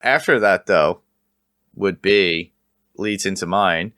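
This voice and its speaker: A man hosting a laid-back podcast chat, his voice bright and forceful, close to a dry mic. He laughs easily and keeps the talk moving, with a middle pitch. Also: slow pace, smooth, dry recording. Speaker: podcast host.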